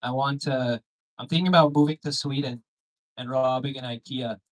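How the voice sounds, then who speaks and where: A man's voice: medium pitch, steady tone, moderate pace, rough recording. A young man doing a crude, rambling stand-up set with crowd work on a comedy club stage, on a handheld mic.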